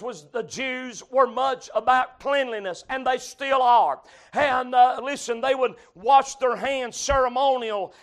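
A man preaching a revival sermon in a church, shouting and crying out at the peaks, then dropping to a murmured "amen". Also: very high voice.

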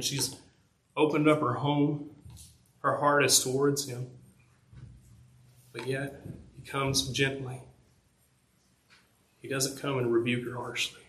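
A man preaching a sermon to a congregation, earnest and emphatic, rising in volume on key points and dropping low on others. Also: bright, forceful tone. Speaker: pastor.

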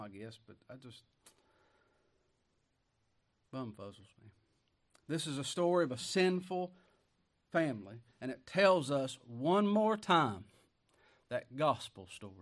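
A man preaching a sermon, his voice pitched a little above the usual. He reads scripture aloud and comments on it in a folksy way. He chuckles often and climbs into emphatic bursts.

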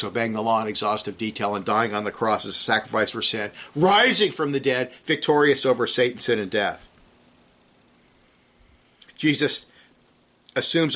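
A man preaching a sermon, swinging between loud emphatic peaks and low, quiet drops. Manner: clears throat now and then.

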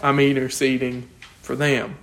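A man teaching an informal Bible study, lively and questioning, often chuckling as he explains the text. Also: medium pitch, unhurried, vocal fry.

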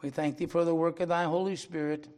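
An older man preaching a sermon, speaking slowly and earnestly, then leading a prayer. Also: on the high side, level tone. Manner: slow and earnest, rising to loud dramatic recitation. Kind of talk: sermon closing with a recited poem and prayer.

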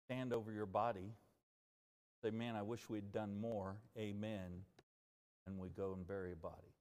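A man's voice: fairly low pitch, moderate pace. Earnest male pastor preaching in reverb. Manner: earnest, animated preaching that rises and drops. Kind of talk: sermon. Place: church sanctuary.

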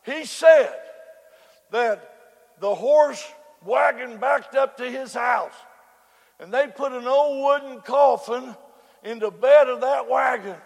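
A man preaching a sermon, swinging between loud shouted cries and low, quiet storytelling. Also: slow pace, gravelly, pauses often, lo-fi sound. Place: church. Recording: echoey hall with faint congregation.

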